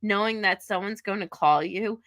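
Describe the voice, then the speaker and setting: A woman's voice: medium pitch, moderate pace, fairly bright tone. A woman co-hosting a podcast in casual chat, reminiscing chattily and laughing often. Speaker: podcast co-host.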